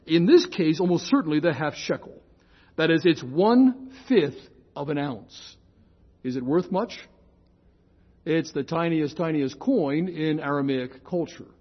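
An older man, his voice slightly high and husky, lectures informally on scripture, drifting into asides and fixing his own sentences halfway through. He slows down considerably when explaining key terms, chatting and digressing with frequent restarts. The audio is muffled and lo-fi.

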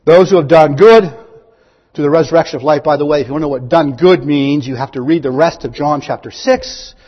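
A man preaching a sermon, reading scripture aloud and asking his listeners questions, rising to loud, high proclamations. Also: quick pace. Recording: dull, long-echo hall recording.

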